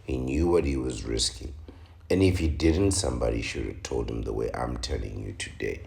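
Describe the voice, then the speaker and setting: A man hosting a commentary show, reading a news article aloud and reacting to it with slow, dramatic, mocking remarks and sudden loud exclamations. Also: a bass voice, creaky, roomy sound. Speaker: commentary channel host.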